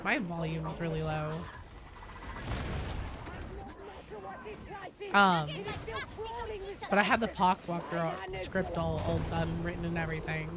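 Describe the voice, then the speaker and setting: A woman game streamer with a badly damaged, hoarse voice, coughing now and then as she chats casually with her live chat, rambling and swearing freely. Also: on the low side, fairly even intonation, moderate pace, crowd noise. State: coughing between sentences. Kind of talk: casual livestream chat, answering chat.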